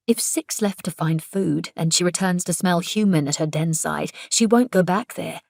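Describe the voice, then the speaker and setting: A woman's voice: lowish voice, normal speed, vocal fry, few pauses, a little mellow, dry recording, clean studio sound. A woman narrating an audiobook in the first person, intense and emphatic in the dialogue.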